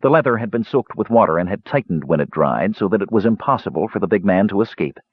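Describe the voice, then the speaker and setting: A man narrates an audiobook in a low, husky voice, reading expressively. His pitch rises and falls a lot. The sound is dry and dull, like a lo-fi recording. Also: animated, quick pace, no room sound.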